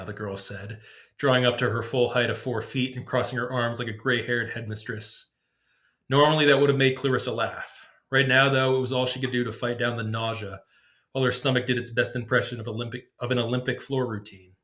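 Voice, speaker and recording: A man reads his own story aloud on his podcast. His narration is measured and descriptive, at a middling pitch. He keeps a steady storytelling pace. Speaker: podcast host.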